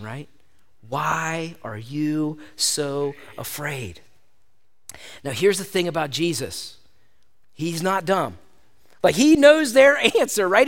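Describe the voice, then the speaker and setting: A man preaching a sermon in an animated, conversational way, often addressing his listeners as "gang". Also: high voice. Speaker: pastor.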